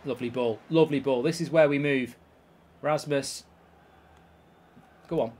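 A man commenting live on a football video game, swearing and reacting loudly to each play. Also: medium pitch, normal speed. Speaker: YouTube gaming host.

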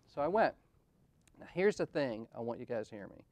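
A man's voice: on the high side, expressive, a little fast, darkish tone. Candid self-deprecating man in his forties. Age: 40s. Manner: self-deprecating and conversational, with frequent "right?" asides. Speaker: conference speaker. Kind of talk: candid storytelling talk. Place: event venue.

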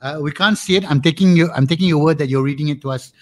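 A man hosting an online video interview, talking in a hesitant, halting way full of fillers. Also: on the high side. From Malaysia. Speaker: host.

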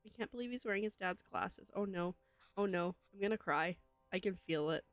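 A woman hosting a let's play, chatty and excitable, laughing often as she plays through a cooking game. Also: mid-range voice, brisk, dry recording, soft background music. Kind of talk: gameplay commentary.

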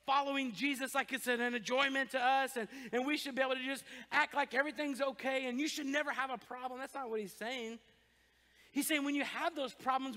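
Man, pastor, sermon, very high voice, animated and joking, long church reverb.

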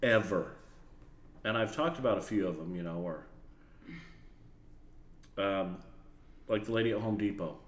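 Low-pitched and unhurried, with long pauses, a man casually tells a work story to the camera. He's an animated narrator who performs the other characters' voices. The room is echoey and carries faint background noise.

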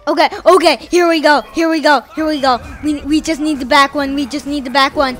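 Bright, high-voiced excitable gamer woman. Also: a little fast, soft background music. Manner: excitable, chants sound effects and repeated phrases. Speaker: gaming video host. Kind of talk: live gameplay commentary.

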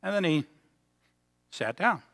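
A man delivering a sermon in a high, bright voice that rings with a long hall reverb. He tells stories and draws out key words to land a point. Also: sing-song, vocal fry. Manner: storytelling, slows for emphasis. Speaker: pastor. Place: church sanctuary.

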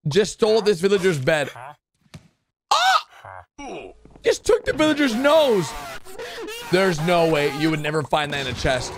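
A man giving excited reaction commentary to animated clips, blurting out reactions and cheering the characters on. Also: high voice, a little slow, pauses often, crowd noise. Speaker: reaction video host. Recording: animation audio and music playing behind.

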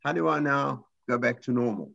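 A man's voice: mid-range voice, a little fast, creaky, a bit bright, dull audio. A man teaching a computer class, explaining step by step in a patient way with frequent restarts. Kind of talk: live class lesson.

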